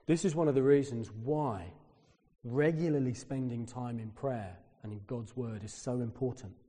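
A British man with a medium-pitched voice preaches a sermon at a moderate pace, recounting a personal story and acting out the people in it. He tells it like a storyteller and grows animated when quoting others, and a long reverb tail trails his words.

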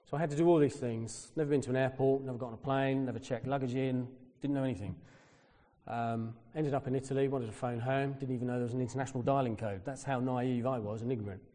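A man's voice: medium pitch, quick pace, big-room sound. A man preaching a sermon, telling a personal story and acting out the people in it. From Britain. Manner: storytelling, animated when quoting others.

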